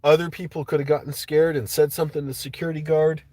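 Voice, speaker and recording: A man's voice: a little high, level tone, fast, mellow, no room sound. A man hosting a livestream, ranting casually and angrily with lots of swearing. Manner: profane, agitated ranting. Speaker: livestream host.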